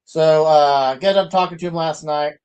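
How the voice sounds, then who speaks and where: A man's voice: fairly high pitch, fairly even intonation, normal speed, darkish tone, clear, resonant tone, poor audio. A middle-aged man from the American Midwest hosting a casual livestream, chatting in a rambling way with many fillers and restarts. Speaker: livestream host.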